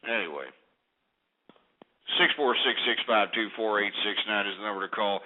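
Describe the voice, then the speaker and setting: A man's voice: on the low side, normal speed. A man, hosting a talk radio show in an angry, profane, rambling rant. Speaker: radio host. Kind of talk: ranting talk radio monologue. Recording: tinny phone-like radio archive.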